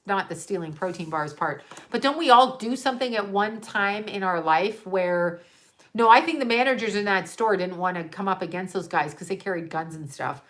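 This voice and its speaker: A woman from Canada hosts a casual livestream, talking in a loose, digressive way. She rants about everyday complaints and turns aside to answer viewers. Her voice sits at an ordinary middle pitch. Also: a bit bright. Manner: ranting, digressive, chats with viewers. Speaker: livestream host. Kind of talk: casual rambling chat.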